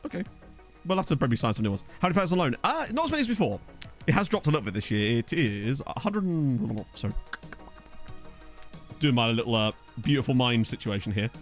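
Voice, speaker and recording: A man's voice: medium pitch, very animated, quick pace, long pauses, faint music behind. A young man, streaming a football management game and chatting to viewers in a rambling, self-mocking way. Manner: rambling, self-mocking storyteller with frequent laughs. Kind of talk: casual gameplay chat with chat readers. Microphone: desktop USB mic.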